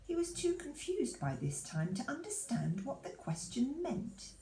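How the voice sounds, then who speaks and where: A woman reads a children's story aloud in a lively, expressive voice that rises and falls. Her tone is mellow, and the recording sits in an echoey room with a faint hum behind. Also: sits high, measured pace. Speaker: children's church reader.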